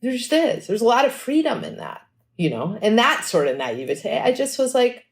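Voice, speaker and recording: A woman musician telling stories in a casual podcast interview, lively and chatty, acting out what people said. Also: on the high side. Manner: animated storytelling, acts out quotes; fast and chatty, frequent "like". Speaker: musician guest.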